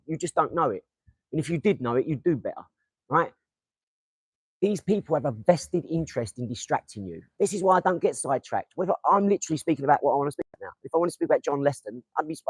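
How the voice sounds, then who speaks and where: With a fairly high, darkish and slightly rough voice, a young Englishman hosts a casual motivational livestream in Essex English. He rambles, swears and throws darts as he chats with viewers, and the recording is rough without echo.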